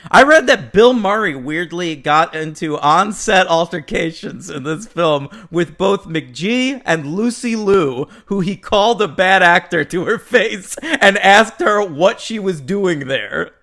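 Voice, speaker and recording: Podcast host, man, chatty, with a bright edge. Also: high-pitched, animated, unhurried, hardly any pauses. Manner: chatty, joking. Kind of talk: casual chat.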